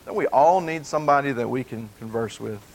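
A man's voice: medium pitch, a little fast, vocal fry, low-quality recording. A male pastor preaching a conversational sermon in a plain, folksy way, earnestly repeating key points for emphasis.

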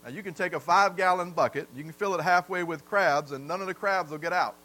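Guy preaching, folksy stories, high voice, hum in the background. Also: quick pace, bright, forceful tone, poor audio. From American South. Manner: folksy storytelling, asks the congregation questions. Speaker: pastor. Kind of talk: sermon.

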